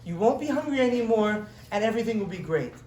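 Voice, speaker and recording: A woman voicing a gentle, caring old rabbi reassuring a child, heard from far off in a roomy hall. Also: a little high, expressive, fast, a little hiss or hum, pitched below the performer's own voice, close to an everyday voice.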